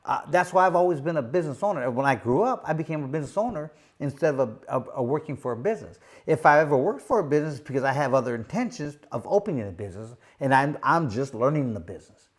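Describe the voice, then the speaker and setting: At a quick clip, a middle-aged host and former boxing champ relaxes into a storytelling ramble, his voice a bit higher than most men's. Fillers crop up again and again, and he animatedly slips into the voices of the people in his tale.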